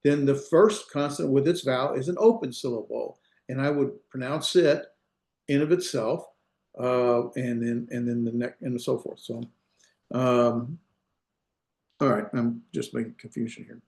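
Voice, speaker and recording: Speaking at normal speed in an echoey room, a man with a creaky, darkish, medium-pitched voice gives an online class lecture. He's a Hebrew instructor on a video call using his computer mic, working through the material step by step amid many fillers and restarts.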